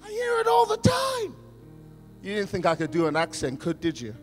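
A male pastor preaching an emphatic sermon, swinging between loud declarations and quiet asides. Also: sits high, wildly swooping pitch, moderate pace, soft background music. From England. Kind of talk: conference sermon.

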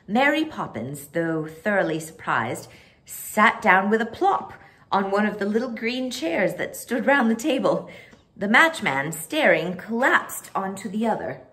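A woman reading a children's book aloud as a storyteller, expressive and animated. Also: medium pitch, unhurried.

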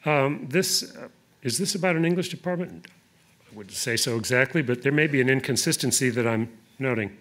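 Man giving a deliberate poetry reading. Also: medium pitch, fairly bright tone. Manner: deliberate reading with hesitant asides. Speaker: poet.

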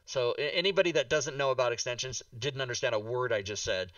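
Exasperated swearing man, bright voice. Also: mid-range voice, quick pace, no room sound, far from the mic, highs cut off. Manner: exasperated, swears, restarts often. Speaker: talk show host. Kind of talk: casual livestream chat.

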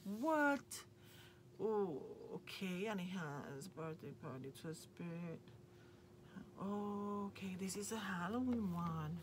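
A woman's voice: fairly low pitch, expressive, takes it slowly. A woman, hosting a craft channel and gushing over the crafting supplies she unboxes. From Puerto Rico. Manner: gushing, enthusiastic. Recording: noticeable background noise.

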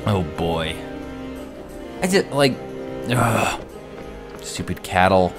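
A man's voice: low-pitched, unhurried, over music. A man giving casual, rambling gameplay commentary, full of "like" and sudden exclamations. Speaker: gaming video host.

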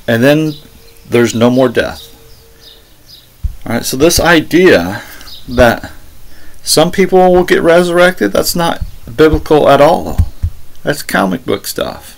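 A man's voice: mid-range voice, lively intonation, measured pace, vocal fry. A man giving a rebuttal commentary on a sermon recording in an argumentative, sarcastic way, repeating his points insistently. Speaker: religious commentator.

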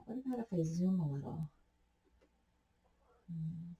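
Lady chatting thru a craft tutorial, kinda low voice, rambles into little side stories as she goes. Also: unhurried, gravelly, slightly rough, muffled recording. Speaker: craft channel host.

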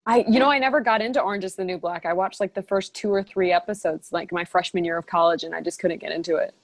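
A woman's voice: lowish voice, fast. A young adult woman who is a guest on a podcast. She banters in a playful, joking way. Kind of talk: casual chat.

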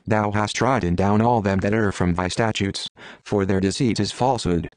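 Deep-voiced man reading scripture solemnly. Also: fairly even intonation, normal speed, clean tone, dry recording. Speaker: scripture reader. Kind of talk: steady scripted Bible reading.

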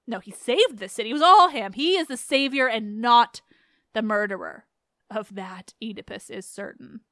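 A young adult woman hosting a podcast, retelling an old play in a chatty, animated way. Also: on the high side, moderate pace, no echo, clean studio sound. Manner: chatty, animated, laughs and restarts. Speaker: podcast host. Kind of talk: casual myth retelling.

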